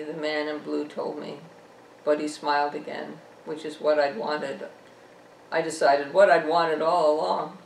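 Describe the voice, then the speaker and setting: Gravelly woman reading her novel aloud. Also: low-pitched, flat delivery, slight background noise. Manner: measured first-person storytelling. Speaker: author. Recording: echoey room, distant mic.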